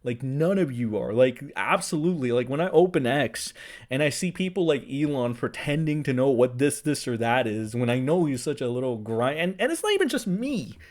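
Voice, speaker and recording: A man's voice: medium pitch, big pitch swings, normal speed, darkish tone. A young man giving a profane, sarcastic rant, reacting to social media posts as a commentary streamer. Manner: profane, sarcastic, mocking voices of others.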